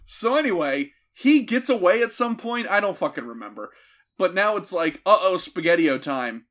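A man's voice: sits high, big pitch swings, moderate pace, fairly bright tone. A man recapping a movie with sarcastic, laughing comic riffs.

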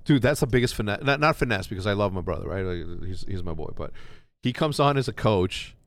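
A man's voice: on the low side, fairly quick. A man in his thirties hosting a casual podcast chat, telling stories with lots of swearing and acting out quoted lines. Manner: animated storyteller, acts out quotes, heavy swearing. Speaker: podcast host.

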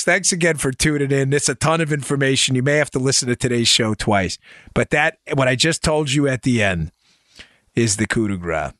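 A man hosting a political commentary podcast, talking in a sarcastic, excitable rant. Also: mid-range voice, dry recording, studio quality. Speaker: podcast host.

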